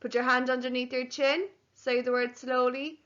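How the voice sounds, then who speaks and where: Teacher lady spelling words out slow for little kids, higher voice, kinda dull lo-fi recording. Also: little pitch movement, fairly bright tone. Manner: slow, clearly sounding out letters and syllables. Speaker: primary school teacher. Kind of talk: home learning phonics lesson.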